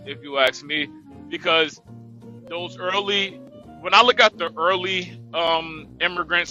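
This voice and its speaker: Male panelist, slightly higher voice, halting restarts, muffled audio. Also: pushed and bright. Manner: halting starts, then explains at length. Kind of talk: online panel discussion.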